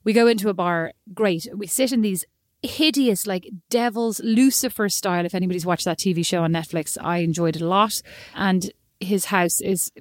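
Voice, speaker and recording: An Irish woman co-hosting a podcast, telling stories in a casual, animated and self-mocking way. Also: mid-range voice, normal speed, no room sound, clean studio sound. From Ireland. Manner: animated, self-mocking, quotes people in voices. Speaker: podcast co-host. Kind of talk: casual storytelling chat.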